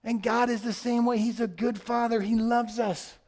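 A man's voice: very high-pitched, little pitch movement, normal speed, a little mellow. A male pastor preaching a sermon in a conversational way, repeating phrases for emphasis.

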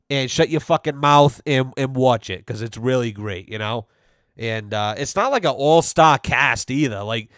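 A man's voice: mid-range voice, clean tone, no room sound, studio quality. A young adult man hosting a podcast, telling a rambling, profanity-filled story in casual chat. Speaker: podcast host.

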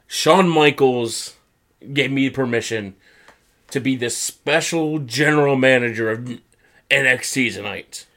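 Male podcast co-host, mid-range voice, chatty recap style, animated impressions. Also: unhurried. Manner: animated retelling, acts out quoted lines in high mock voices. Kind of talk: casual chat.

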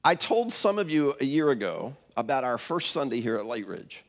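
A man's voice: mid-range voice, big pitch swings, normal speed, vocal fry. A man in his fifties preaching a sermon as pastor, telling stories in a conversational way, with many fillers and restarts. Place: church auditorium. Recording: long hall reverb.

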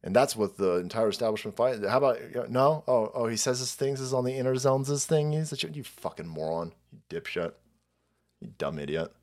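Foul-mouthed, animated male ranter. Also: mid-range voice, moderate pace. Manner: profane, mocking, loud. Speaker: stream host. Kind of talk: ranting commentary on clips.

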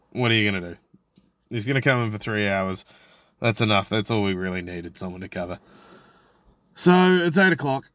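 A man's voice: on the low side, fairly bright tone, no room sound, studio quality. A man hosting a podcast, telling a work story in a rambling, profane way, with many restarts and fillers. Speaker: podcast host. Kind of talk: casual storytelling monologue.

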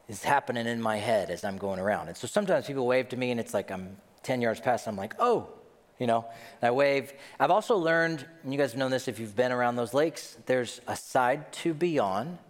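A middle-aged man preaching a sermon as a pastor, telling stories with self-deprecating humor. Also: mid-range voice. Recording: long hall reverb.

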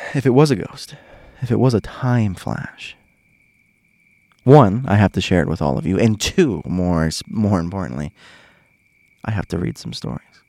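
A man with a low, creaky, darkish voice hosts a podcast, telling stories casually and animatedly to his listeners with frequent chuckles. His intonation is lively, his pace unhurried, and he pauses often; there's no room sound.

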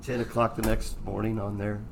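A man's voice: lowish voice, flat delivery, normal speed, gravelly. A middle-aged man telling a profane story in casual chat, laughing through his own punchlines. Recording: noisy room, mic at a distance.

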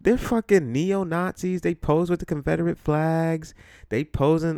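A man's voice: a little high, normal speed, creaky, a little mellow, no echo, clean studio sound. A young man from the Bronx, hosting a solo podcast in a blunt, profane, joking manner. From the Bronx, New York. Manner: blunt, profane, laughing storyteller. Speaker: podcast host. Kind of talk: casual solo podcast monologue.

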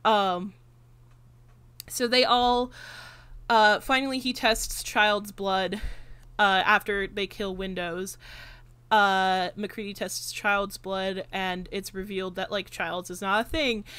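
A woman's voice: mid-range voice, slow, clear, resonant tone, no room sound. A woman hosting a podcast in casual chat, rambling through a film's scenes with constant fillers and frequent swearing. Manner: animated retelling of film scenes. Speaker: podcast host.

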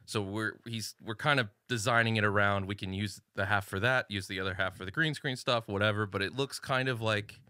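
A man's voice: fairly low pitch, brisk, few pauses, no room sound, clean studio sound. A man hosting a casual podcast, joking and acting out other people as he tells stories. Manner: joking, animated storyteller who acts out others. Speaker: podcast host.

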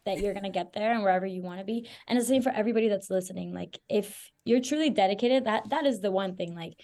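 Warm in tone and quick to talk, this young woman singer from Venezuela speaks in a mid-range voice as a podcast guest. She offers advice in a casual interview, rambling earnestly and reflectively and saying "like" a lot.

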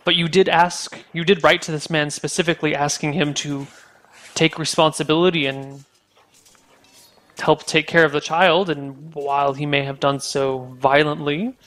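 A man voicing a cautious male knight who gives calm, deliberate counsel. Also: on the high side.

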